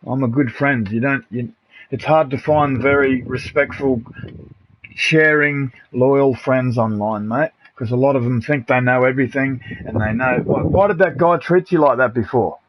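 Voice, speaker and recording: At a moderate pace and medium pitch, a middle-aged Australian man chats casually with party members on a live game stream. He's blunt and aggrieved, free with swearing and with calling people mate and bro, and the home mic is muffled and noisy.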